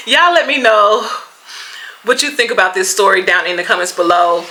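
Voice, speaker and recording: A woman from Mississippi with a Southern American accent, telling a storytime vlog in an animated way and acting out quotes. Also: medium pitch, normal speed, a little hiss or hum, low-quality recording. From Mississippi, USA. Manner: animated storyteller, acts out quotes, laughs often. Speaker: vlogger.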